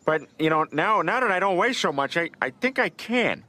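A dopey middle-aged cartoon dad, stammering out his requests like an eager kid. His voice sits high and swoops widely. The tone is bright and nasal-edged, straight out of an animated sitcom. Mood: sheepish, hopeful. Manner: bashful, halting, stammering requests.

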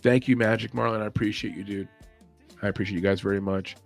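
A man's voice: on the low side, steady tone, fast talker, creaky. Rambling man on a late-night stream. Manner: loose and rambling, swears freely; mimics commentators with sudden yells and whispers. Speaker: podcast host. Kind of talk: casual livestream chat. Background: faint music playing.

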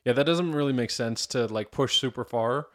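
A man's voice: medium pitch, normal speed, fairly bright tone. Man reacting casually on a podcast. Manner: reactive, chimes in with comments. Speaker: podcast co-host.

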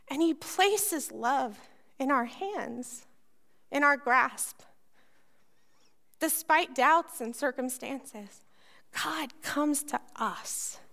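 A woman's voice: sits high, gravelly. A woman pastor preaching a sermon, telling a personal story and acting out the voices in it. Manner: animated storytelling, acts out voices.

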